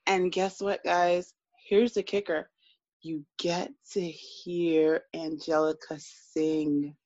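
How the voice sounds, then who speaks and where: A woman co-hosting a casual podcast, telling stories in an animated, chatty way. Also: on the low side, slow pace, dry recording, muffled recording. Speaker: podcast co-host.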